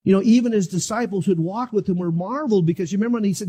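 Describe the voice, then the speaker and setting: High and sing-song, warm with a breathy edge, the voice of a middle-aged pastor races through a sermon with few pauses. He preaches dramatically, taking on the voices of the disciples in his story.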